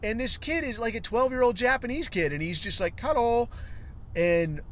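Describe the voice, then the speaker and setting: A man's voice: high-pitched, animated, fairly quick, a bit bright, a little hiss or hum. Host, forties, man, swears constantly, rambling and wry. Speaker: podcast host. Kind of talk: casual storytelling monologue.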